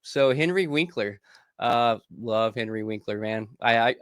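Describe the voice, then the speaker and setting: A relaxed man chatting as co-host of a pop-culture podcast, with a mid-pitched voice. He laughs easily and often restarts his sentences mid-thought. The sound is dry and close, with no room echo. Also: measured pace. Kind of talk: casual chat.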